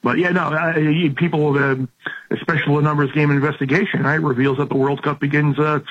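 A male soccer analyst guest calling in by telephone from a room with cedar paneling, speaking in a halting way with many fillers and repeated words. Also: on the high side, level tone, a bit bright, husky. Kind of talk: casual chat. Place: indoor room with cedar paneling and air conditioning running. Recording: dull, lo-fi phone-line audio.

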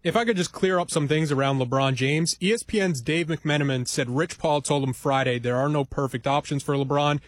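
A man's voice: fairly high pitch, brisk, hardly any pauses, no echo. A man chiming in on a sports talk radio show with dry, teasing wisecracks.

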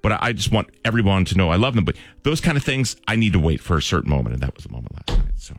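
A man's voice: sits low, big pitch swings, racing, vocal fry, dry recording. A man in his thirties co-hosting a radio show, telling an earnest family story with self-deprecating jokes. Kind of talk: casual on-air chat.

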